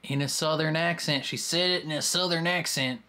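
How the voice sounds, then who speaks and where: Speaking at a normal speed and medium pitch over loud music, a host chats through a movie, speculating about the plot in lively running commentary. The film's soundtrack plays faintly in the background.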